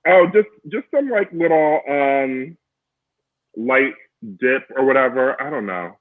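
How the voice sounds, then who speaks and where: A man's voice: medium pitch, lively intonation, measured pace. A man guesting on a casual chat over a video call, drawling with giggly asides. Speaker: guest comedian. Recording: tinny phone-like line.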